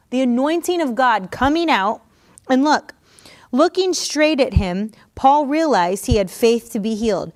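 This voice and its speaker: Fiery, high-voiced woman preacher. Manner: energetic, exhorting, laughs often. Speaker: Bible teacher and podcast host. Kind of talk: podcast sermon.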